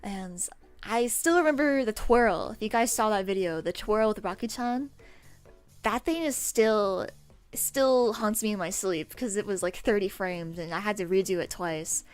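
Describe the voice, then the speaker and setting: A woman's voice: medium pitch, normal speed, clean tone, faint music behind. A young woman chatting casually on a livestream, giggly and self-deprecating. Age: young adult. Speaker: streamer.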